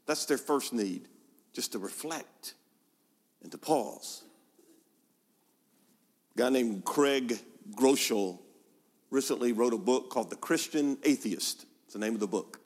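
A man's voice: medium pitch, lively intonation, unhurried, long pauses. A male pastor preaching a sermon, asking rhetorical questions and repeating words for emphasis. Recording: long hall reverb.

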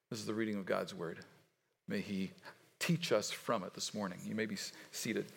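A man's voice: fairly low pitch, fairly even intonation, normal speed, creaky, fairly bright tone, breathy edge. A man preaching a sermon as pastor, reading scripture and having the congregation repeat lines back, in a conversational, unpolished way. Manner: leads the congregation in call-and-response repetition; conversational, with fillers and restarts. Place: church sanctuary. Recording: long hall reverb.

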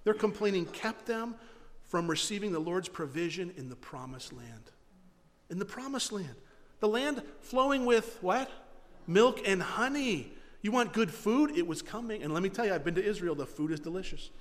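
Man, pastor, sermon, high voice, long hall echo, animated storytelling, hushed solemn asides. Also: a little hiss or hum. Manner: animated storytelling with rapid repetitions and self-mocking asides; drops to a low, quiet voice for solemn points.

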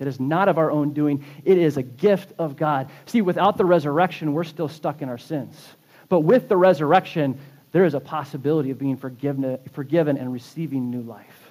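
A man delivers a sermon in a church, his fairly high voice full of fervor. He presses his points with swelling emphasis, then drops low for the quieter lines. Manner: impassioned preaching, rising and falling emphasis. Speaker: pastor. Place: church sanctuary.

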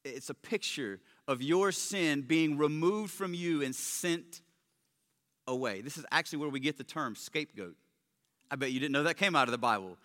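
A man preaching a sermon, swinging between loud emphatic stresses and quiet low asides, with joking remarks. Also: expressive, normal speed. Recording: long hall reverb.

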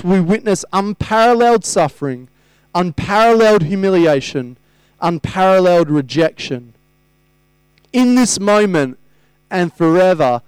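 Man, sermon, high voice, smooth and dry, rhetorical questions, faint mains hum. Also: no room sound, rough recording. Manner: conversational, asks the congregation rhetorical questions. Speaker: preacher.

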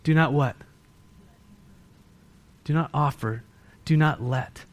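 A man with a high voice delivers a sermon as pastor of his church. His delivery swings from loud, rising bursts to quiet, hushed emphasis. He leans on rhetorical questions aimed straight at his listeners. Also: takes it slowly. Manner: pleads with rhetorical questions to the congregation. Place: church service.

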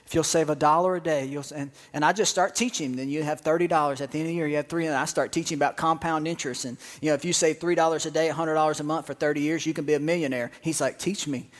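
A man's voice: on the high side, fairly even intonation, rapid-fire, hardly any pauses. A man preaching a sermon as pastor, telling joking stories with bursts of laughter.

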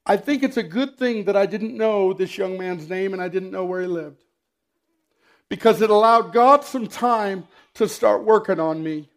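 A middle-aged man preaching a sermon, telling personal stories with dry humor and often clearing his throat. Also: high voice, moderate pace. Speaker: pastor.

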